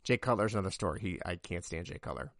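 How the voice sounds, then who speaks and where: A man hosting a solo sports podcast, ranting in an exasperated way, his voice climbing high when he gets worked up. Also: animated, fast talker, creaky, fairly bright tone, no echo, clean studio sound. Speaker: podcast host.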